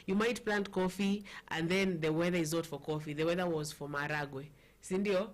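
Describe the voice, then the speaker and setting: A woman's voice: lowish voice, normal speed. Chatty Kenyan woman hosting a talk show. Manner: chatty and playful, switching languages mid-sentence. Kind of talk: casual political chat.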